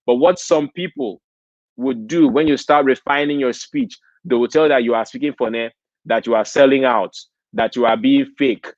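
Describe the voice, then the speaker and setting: This Nigerian man's motivational convention talk is preachy and studded with "okay?" after his points. He speaks at a moderate pace in a mid-range voice, and the dull lo-fi audio has no echo.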